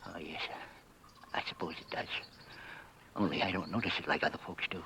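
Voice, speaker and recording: A man's voice: low voice, fairly even intonation, brisk, gravelly, bright, forceful tone, a little hiss or hum, heavily acted. An actor playing a chatty, giggly backwoods man with rustic grammar, in a 1960s TV western. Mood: folksy. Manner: rustic grammar, chuckles, stammers. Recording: muffled old TV soundtrack.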